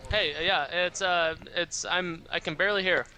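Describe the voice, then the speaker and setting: A man guesting on a podcast, answering about games hesitantly with many pauses. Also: high-pitched, fairly even intonation, pushed and bright. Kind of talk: casual interview answers.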